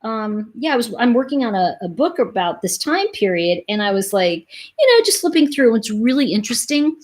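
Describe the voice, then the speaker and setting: A middle-aged woman hosting a casual livestream, rambling through animated stories and talking straight to her viewers. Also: on the high side, fairly quick. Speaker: host.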